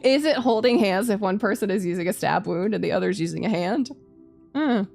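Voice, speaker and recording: A woman's voice: medium pitch, quick pace, vocal fry, darkish tone, soft background music. A woman streaming a story game, reading its text aloud and breaking off into playful, laughing asides. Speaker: VTuber streamer. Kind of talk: reading a game's story aloud with live commentary.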